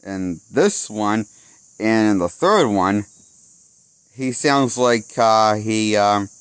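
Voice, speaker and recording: A man's voice: fairly low pitch, lively intonation, slow pace, clean tone, dry recording. A man giving a casual spoken film review, rambling and losing his train of thought while laughing at his own jokes. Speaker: movie critic.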